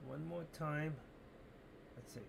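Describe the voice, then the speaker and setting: A man streaming his options trades live, talking to himself and to his chat as he watches prices, swinging between excitement and frustration. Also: a little high, slow, gravelly, slight background noise. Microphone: desk mic through streaming software.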